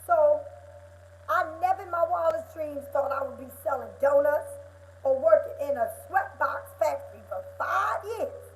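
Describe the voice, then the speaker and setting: A woman's voice: high-pitched, expressive, normal speed, a little hiss or hum, low-quality recording. A woman tarot reader giving a live motivational talk, speaking straight to her viewers in an emphatic, preachy way, repeating her points and calling them honey and girl.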